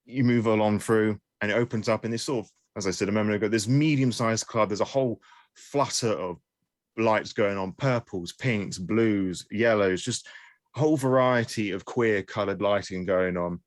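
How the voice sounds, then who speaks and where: A man's voice: lowish voice, moderate pace, dry recording. A man narrating as game master, wry and self-mocking, with frequent restarts.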